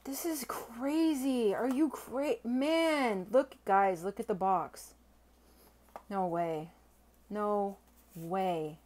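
A young woman talking straight to her viewers in a casual unboxing vlog. She gushes with excitement, stammers when she is overwhelmed and lets the odd swear word slip. Her voice sits at an ordinary middle pitch for a woman. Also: very slow, pauses often. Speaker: silver-stacking vlogger.

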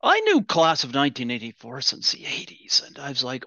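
A man from the Canadian Maritimes hosts a casual podcast chat, jumping in eagerly. His mid-pitched voice comes through dull and lo-fi, and the sound is completely dry. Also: huge pitch swings, brisk, few pauses, bright, forceful tone, no echo. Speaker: podcast host.

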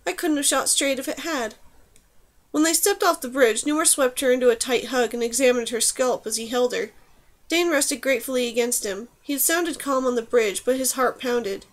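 A woman narrates an audiobook in a steady, even reading voice. Her pitch sits a little high for a woman. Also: fairly quick. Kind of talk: scripted narration.

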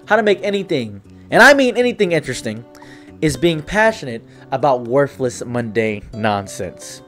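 A man's voice: mid-range voice, sing-song, normal speed, a bit bright, soft background music. A man hosting a comedic commentary video, rambling without a script and playing up his words with theatrical inflections. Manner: theatrical, exaggerated inflections and playful emphasis. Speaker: YouTube commentary host.

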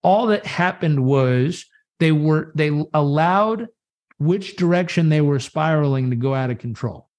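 A man as a guest on a live video chat, talking about coaching in a lively, storytelling way and acting out voices in his quotes. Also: on the high side, measured pace. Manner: animated storyteller who acts out voices in quotes. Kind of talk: conversational coaching talk. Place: live social media video conversation.

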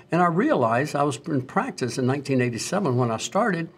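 A middle-aged male physician in a conversational health talk, telling stories and turning animated when he quotes others. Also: fairly high pitch, brisk, few pauses, breathy edge. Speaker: physician host.

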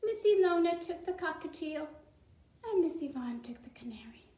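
A woman preschool teacher reading a story to young children in an animated, sing-song way, gently and slowly, recorded at home. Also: very high-pitched, low-quality recording.

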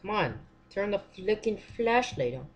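A gamer in casual let's-play commentary who fills speech with "like" and "seriously," swears constantly and yells at jump scares. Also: medium pitch, sing-song, moderate pace, highs cut off. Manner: filler-heavy, says "like" and "seriously" often. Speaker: gamer playing a horror game.

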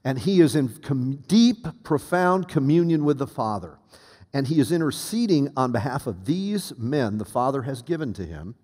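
A man's voice: medium pitch, expressive, moderate pace, a little mellow, in a large hall. A man preaching a teaching sermon in a conversational way, asking the congregation questions and often restarting his sentences. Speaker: pastor. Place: church sanctuary.

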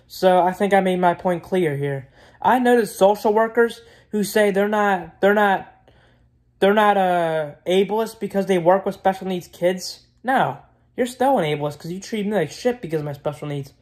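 A man's voice: high voice, normal speed, a little mellow. A man talks straight to his audience in a loose, rambling rant. He is blunt and opinionated, circles back to the same points, and swears freely along the way. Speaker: vlogger. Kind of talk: casual rant to camera.

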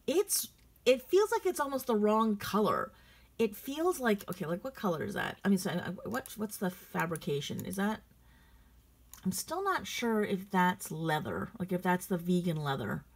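Chatty woman with a lively, swooping voice. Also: medium pitch. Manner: chatty, opinionated, thinking aloud with frequent likes and ums. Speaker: bag vlogger. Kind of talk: casual first-impression chat.

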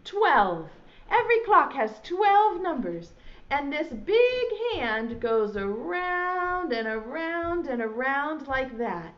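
High bouncy lady voice talking real slow to little kids, preschool teacher vibe, kinda muffled sound. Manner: slow, sing-song and animated, speaking to small children. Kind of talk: preschool lesson for young children.

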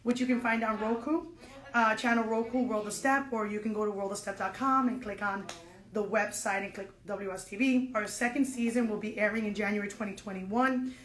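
A woman with a medium-pitched, slightly bright voice leads an online step dance lesson, her words echoing around the dance studio. Upbeat and encouraging, she counts out the beats for her students while a little out of breath.

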